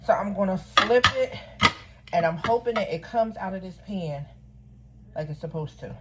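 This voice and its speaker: Background noise accompanies this casual baking vlog, in which a middle-aged Philadelphia woman talks to her viewers from her home kitchen. Her mid-range voice moves at a moderate pace, and she's lively and self-deprecating, calling everyone "y'all."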